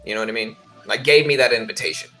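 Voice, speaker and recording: Thirties male streamer, faint Louisiana accent, bright and forward tone, loose rambling delivery, soft music underneath. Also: medium pitch, fast talker. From Baton Rouge, Louisiana. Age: 30s. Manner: rambling, laid-back, says "bro" and "you know". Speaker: trading livestream host. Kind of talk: casual livestream chat. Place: home office.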